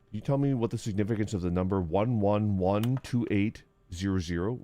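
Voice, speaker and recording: A deep-voiced streamer chats casually during a live gaming stream, breaking into loud groans and reading aloud haltingly. The recording is dry.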